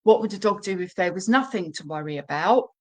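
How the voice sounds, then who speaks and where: A woman dog trainer talks through a live stream at an ordinary middle pitch. She explains step by step in a chatty, unscripted way, with lots of fillers and restarts. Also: animated, a little fast, poor audio. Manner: acts out short quotes in a high, anxious voice. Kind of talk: live-stream teaching, conversational.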